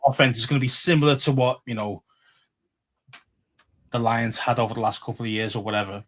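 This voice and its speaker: A man's voice: mid-range voice, a little fast, fairly bright tone, slight background noise. A man with a Liverpool Scouse accent, co-hosting a casual sports podcast, rambling and swearing freely with many fillers. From England. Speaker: podcast co-host.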